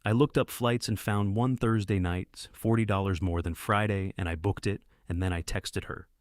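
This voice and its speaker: A man narrating a first-person story in a measured, plain way. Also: lowish voice, no room sound, clean studio sound.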